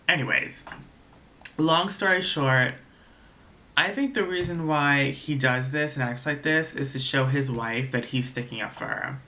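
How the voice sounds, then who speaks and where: Bright-voiced young man, indignant storyteller. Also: on the high side, moderate pace. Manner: emotional, rambling and indignant. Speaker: vlogger. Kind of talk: storytime vlog.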